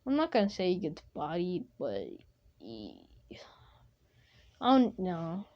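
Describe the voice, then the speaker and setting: A woman's voice: fairly low pitch, wildly swooping pitch, slow pace, highs cut off. A woman casually improvising a fan-fiction story, rambling and full of fillers.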